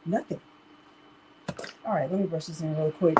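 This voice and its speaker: A woman's voice: deep voice, fairly even intonation, moderate pace, warm tone, slight background noise, low-quality recording. A woman hosting a live crafting tutorial, chatting casually and talking straight to her viewers. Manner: chatty, talks straight to viewers as "y'all", laughs often. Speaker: crafting livestream host.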